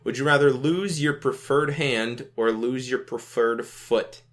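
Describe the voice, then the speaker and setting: A man's voice: mid-range voice, measured pace. A young man casually commenting on a browser game, rambling and laid-back, often tacking on filler phrases and swearing offhandedly. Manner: rambling and laid-back, keeps adding "you know what I mean", swears casually. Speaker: gaming video host.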